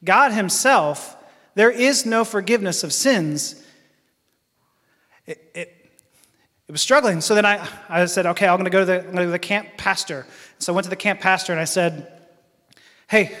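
High-voiced man preaching in a reverberant hall. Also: sharp tone. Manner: earnest storytelling with halting restarts. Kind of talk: personal testimony sermon.

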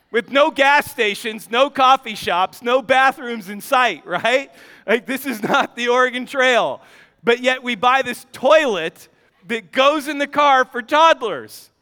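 A man's voice: sits high, clear, resonant tone. A man in his thirties preaching a sermon, telling a funny family story with laughs and acted-out voices. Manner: animated storyteller, acts out voices, laughs often. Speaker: pastor. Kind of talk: sermon with comic personal story. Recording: long hall reverb.

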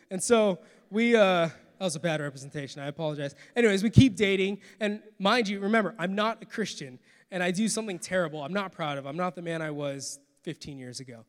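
A man in his thirties preaches with a high, bright voice and tells his story in a lively, animated way. His words ring out with a long reverb, like in a church hall. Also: fast talker. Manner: storytelling, animated with acted quotes. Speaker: pastor. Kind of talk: sermon testimony.

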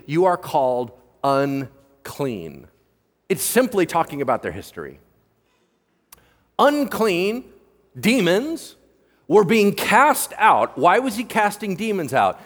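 A man's voice: fairly high pitch, long reverb tail. A male pastor preaching a sermon, joking and throwing questions at the congregation. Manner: animated, joking, asks the room questions.

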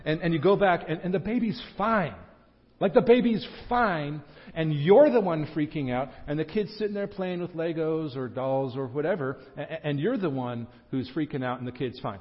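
Male pastor, fairly high voice, chatty sermon delivery with joking asides; dull lo-fi church recording. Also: expressive. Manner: conversational, with joking asides and quick restarts. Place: church sanctuary. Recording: dull lo-fi sound with a long hall reverb.

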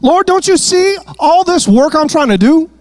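A man's voice: very high-pitched, big pitch swings, normal speed, pitched above the performer's own voice. A man voicing a frustrated, busy woman hostess who pleads and complains in exasperation. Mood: pleading.

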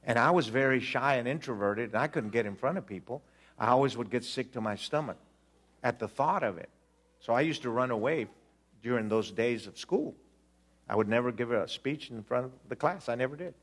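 This sixty-something preacher tells a story from the pulpit in a medium-pitched voice, keeping things brisk. He acts out the dialogue with plenty of animation and jokes with his congregation along the way.

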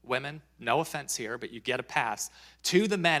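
A man's voice: mid-range voice, lively intonation, moderate pace, fairly bright tone. A man preaching a sermon as pastor, talking in a conversational, joking way and reading scripture aloud.

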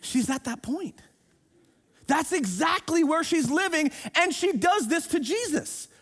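A man preaching a sermon in a church, emphatic and swinging between hushed and loud. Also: very high voice, lively intonation, a little slow. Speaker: pastor. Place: church sanctuary, streamed online.

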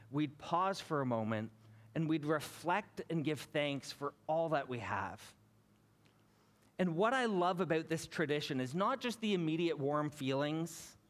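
A Canadian man in his thirties, a pastor giving a sermon in a relaxed, storytelling way. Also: a little high. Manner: conversational, anecdotal, building to a lesson.

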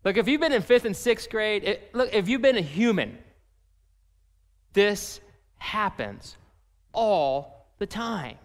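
A pastor preaching with a high, lively voice that rings through a large reverberant hall. He talks to his congregation in a loose, animated way and slips into voices for the people in his story. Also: slow, long pauses. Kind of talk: sermon.

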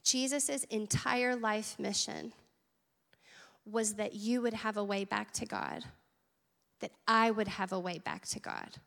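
A woman's voice: medium pitch, steady tone, slow pace, creaky, fairly bright tone, long reverb tail. A woman preaching a sermon at church, earnest and conversational, with asides to the congregation. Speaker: teaching pastor.

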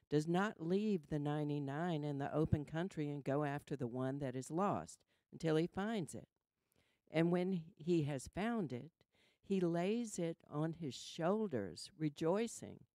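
A woman's voice: low-pitched, dark tone, no room sound. A woman with a Southern US accent reading a Bible passage aloud in church. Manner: slow, measured reading. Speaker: scripture reader.

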